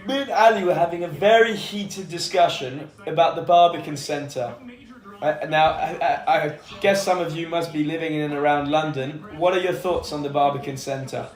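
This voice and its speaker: A man with a slightly high voice who is sick and coughs between lines, chatting bluntly and jokily with his co-host. He swears freely. The sound carries a roomy echo. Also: normal speed. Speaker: stream co-host. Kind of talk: casual race-watching chat.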